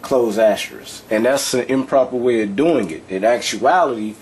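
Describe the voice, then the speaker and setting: A man's voice: medium pitch, moderate pace, a little mellow, a little hiss or hum. A man teaching an informal lesson, talking loosely and repeating himself while often checking that the listener follows. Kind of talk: casual explanatory lesson.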